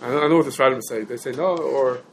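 A man's voice: medium pitch, fast talker, crowd noise. A man giving a halachic lesson, talking through the sources in a meandering, conversational way and mixing in Hebrew and Yiddish terms. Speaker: Torah teacher. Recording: echoey room with faint ambient noise.

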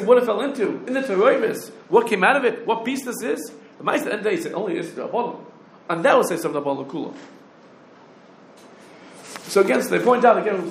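A man teaching a Talmudic law lecture, firing off rapid questions and rising challenges. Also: sits high, slight background noise. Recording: roomy echo with faint ambience.

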